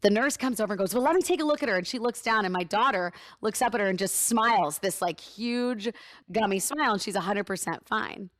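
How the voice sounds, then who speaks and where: Animated woman in her thirties telling stories. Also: on the high side, quick pace, no room sound. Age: 30s. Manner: animated storyteller, acts out voices in quotes, laughs often. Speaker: guest, morning radio host. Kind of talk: casual interview chat, storytelling.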